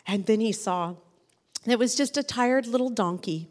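A woman with a high voice spins a gentle tale for children, pausing to ask her young listeners questions. Her voice rings out with a long reverberant tail, as if in a large hall. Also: animated. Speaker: storyteller to children. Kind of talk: children's storytelling.

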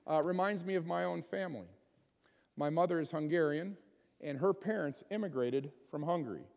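Here a pastor's high, gravelly voice carries a darkish tone and a long reverb tail. He preaches in a conversational manner, frequently putting questions to the congregation.

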